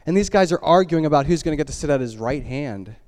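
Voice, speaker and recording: Smooth-voiced male preacher, casual retelling. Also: expressive, quick pace, long reverb tail. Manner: casual, conversational retelling full of "like" and restarts; lets the voice drop low and quiet for solemn moments. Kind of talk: storytelling sermon.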